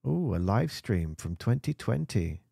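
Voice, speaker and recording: A man's voice: on the low side, very animated, unhurried, gravelly, dark tone, slightly rough, no echo, studio quality. A man reviewing music videos in casual screen-share commentary, rambling and poking fun at himself. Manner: rambling and self-mocking.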